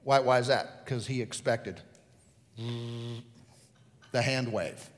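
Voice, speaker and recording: A man's voice: medium pitch, fairly even intonation, very slow, in a large hall. A male pastor preaching a sermon, telling the story vividly and putting questions to the congregation.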